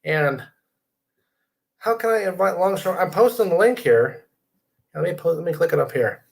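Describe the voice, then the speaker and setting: A man's voice: sits high, expressive, normal speed, creaky. A middle-aged man hosting a casual live stream from his computer desk, rambling, reading viewer comments aloud and inviting people to join.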